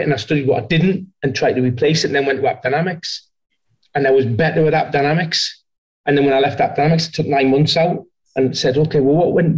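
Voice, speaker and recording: A male guest on a business podcast, speaking at an ordinary middle pitch. His answers ramble and restart as he reflects on his career. He drops into quoted voices as he tells a story. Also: rough recording. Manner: slips into quoted voices and an American impression. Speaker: guest sales leader.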